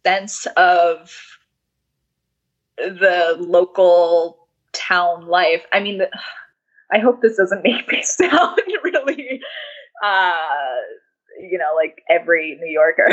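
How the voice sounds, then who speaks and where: Brief: young adult woman, slightly hoarse, rambling guest, low and unhurried, muffled lo-fi recording. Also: a bit bright. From New York City. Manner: rambling, frequent restarts and laughs. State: losing her voice. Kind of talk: casual interview conversation. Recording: dull lo-fi audio.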